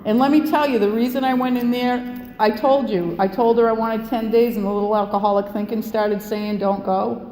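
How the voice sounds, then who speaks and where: A woman's voice: a little high, steady tone, brisk, mellow. Candid New woman in an echoey hall. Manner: candid, blunt and profane, laughing between lines. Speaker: recovery meeting speaker. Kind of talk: personal story told to a live audience. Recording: echoey hall with long reverb, faint room hum.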